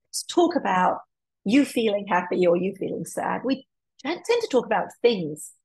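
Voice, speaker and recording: A woman child psychologist speaks to parents in a webinar, explaining her points over a computer mic and acting out little dialogues along the way. Her voice carries a gravelly fry and a husky, slightly rough edge. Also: mid-range voice, a little mellow, rough recording. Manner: explanatory, with acted-out example dialogues. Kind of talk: lecture to parents.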